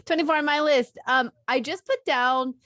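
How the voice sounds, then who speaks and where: A woman's voice: high voice, moderate pace, a bit bright, no echo, clean studio sound. A woman co-hosting a podcast in easygoing casual chat, laughing often. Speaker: podcast co-host.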